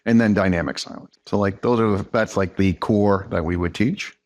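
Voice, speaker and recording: A man's voice: fairly low pitch, normal speed, a little mellow. A man, a negotiation trainer, talking casually as a podcast guest, rambling with restarts and fillers and acting out the people in his stories. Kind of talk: casual conversational storytelling.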